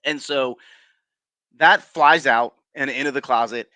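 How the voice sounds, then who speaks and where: As a guest paranormal investigator in a relaxed storytelling interview, this man speaks unhurriedly in a bright, forceful, medium-pitched voice. He wanders through his tales with frequent fillers and restarts, laughing softly along the way, captured in a dry, close recording.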